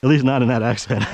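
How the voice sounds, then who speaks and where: A man of ordinary pitch chats his way along a snowy woodland trail, talking to the camera and calling firm commands to his dog. His voice comes through dry and close on an action camera. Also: gravelly, a little mellow, no echo, rough recording. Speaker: hiking vlogger. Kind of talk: casual narration while hiking. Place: snowy wooded trail outdoors.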